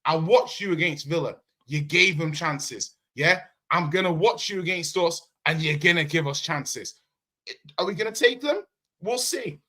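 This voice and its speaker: A man's voice: on the high side, lively intonation, normal speed, pushed and bright. A man arguing with friends on a football talk stream, teasing and combative. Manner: teasing, argumentative. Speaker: panelist. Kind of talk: heated casual football debate.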